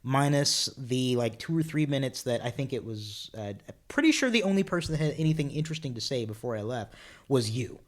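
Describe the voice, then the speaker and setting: A man's voice: medium pitch, lively intonation, fairly quick. A man who is a guest on a gaming podcast, talking loosely and telling anecdotes in casual chat.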